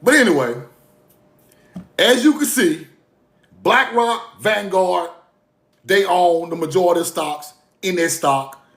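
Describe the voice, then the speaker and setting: A man's voice: high voice, takes it slowly, pauses often, fairly bright tone, echoey room. A man giving a loose, preachy monologue. He swings between muttered asides and raised bursts and laughs often as he talks. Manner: laughs often while talking. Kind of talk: casual monologue.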